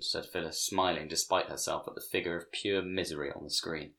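Male narrator, very low voice, measured storybook reading, hushes for dialogue. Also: steady tone, vocal fry.

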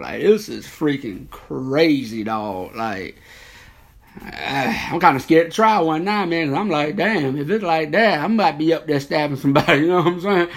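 Gravelly man ranting casually. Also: a little high. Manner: profane, animated, rambling. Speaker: podcast host. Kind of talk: casual comedic rant.

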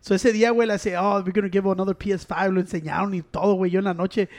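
Dude, talks real fast, animated, cussing and switching languages. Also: high-pitched. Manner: animated, mixes Spanish into English, heavy swearing. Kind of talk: casual storytelling chat. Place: Chicago.

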